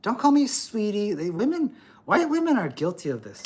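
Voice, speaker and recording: A man's voice: high voice, wildly swooping pitch, moderate pace, slight background noise. A middle-aged man ranting profanely and lecturing on a livestream. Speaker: livestream host. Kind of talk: livestream rant.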